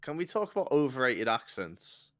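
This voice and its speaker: Blunt young man with very animated pitch. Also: moderate pace. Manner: blunt, opinionated, crude. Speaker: podcast co-host. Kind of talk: casual chat.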